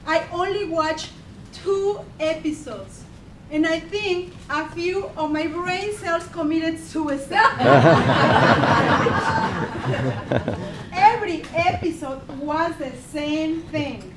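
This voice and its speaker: A woman with a Mexican Spanish accent giving a humorous contest speech, deadpan and pausing for laughs. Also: very high voice, far from the mic, heavy background noise. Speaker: contest speaker. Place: meeting hall with audience. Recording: echoey hall, mic from afar, crowd laughing.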